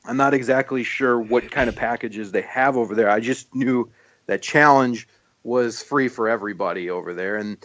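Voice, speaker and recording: A man of middle pitch explains things steadily in casual podcast talk. His voice sounds dry and slightly dull, as from a basic mic. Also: fairly bright tone, dry recording. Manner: measured, explanatory. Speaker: podcast co-host.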